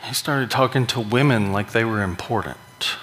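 A man's voice: fairly low pitch, normal speed, a bit bright. A man preaching a sermon in a conversational, joking way, with emphatic rises. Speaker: pastor. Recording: long hall reverb.

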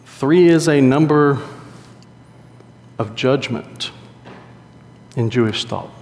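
A man preaching a sermon in a conversational, animated storytelling way. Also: medium pitch, slow. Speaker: pastor. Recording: long hall reverb.

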